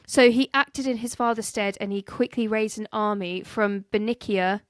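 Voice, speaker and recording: Joking woman podcast host, smooth dry voice. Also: medium pitch, fairly even intonation, moderate pace, no room sound. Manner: joking, laughing, stumbles over names. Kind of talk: casual history chat.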